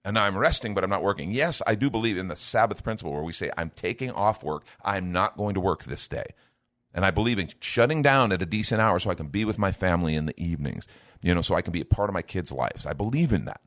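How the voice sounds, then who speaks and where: Deep-voiced man teaching Bible verses. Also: lively intonation, fast talker, a bit bright, dry recording, studio quality. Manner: earnest, lifts his voice to act out everyday speech. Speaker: minister.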